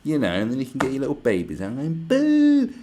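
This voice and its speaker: A man's voice: medium pitch, lively intonation, rapid-fire, darkish tone, a little hiss or hum. Sweary man ranting on a livestream. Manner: profane, sarcastic ranting. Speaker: livestream host. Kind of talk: livestream rant.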